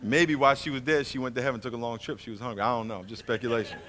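A man teaching a Bible lesson in a lively sermon style, joking and swinging between loud and quiet. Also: rapid-fire. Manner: animated, jokey, swings from loud to low.

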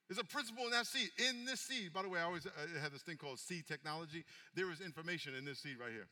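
A man pastor delivering a sermon, his voice pitched high and very bright. He drops to a hushed, intimate tone, then climbs to loud calls and asks the congregation for amens. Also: quick pace, hardly any pauses, in a large hall. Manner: call-and-response preaching, swings from hushed to loud.

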